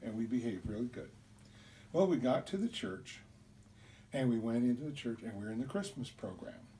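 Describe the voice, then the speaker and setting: A man telling a childhood story in an animated way, acting out the voices, recorded on a distant mic with faint hiss. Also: mid-range voice, normal speed. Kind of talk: told personal story.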